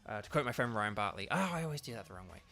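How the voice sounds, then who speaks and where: A man's voice: lowish voice, expressive, racing, vocal fry, sharp tone. A man from England, chatting casually as he streams a game, rambling with lots of fillers and restarts. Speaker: streamer and voice actor. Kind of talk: casual let's-play commentary.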